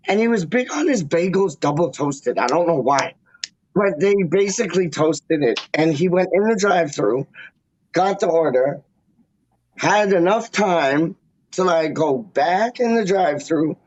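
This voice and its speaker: A man's voice: fairly high pitch, expressive, measured pace, no echo. A man hosting a casual chat, telling rambling stories with slang and laughter. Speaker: podcast host. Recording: dry, dull lo-fi sound.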